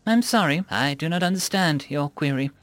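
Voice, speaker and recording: A man's voice: a little high, expressive, moderate pace, a bit bright, no echo. A man doing a smug, polite food-dispenser machine. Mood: prim. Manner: prim, customer-service politeness, sly. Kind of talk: story narration.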